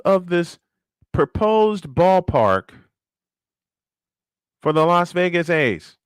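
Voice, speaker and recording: Sports stream guy ranting at chat, voice on the higher side and all over the place, dry close mic. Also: clear, resonant tone, dry recording. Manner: animated, ranting, rhetorical questions, repeats points. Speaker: live-stream sports show host. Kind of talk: casual live-stream sports rant.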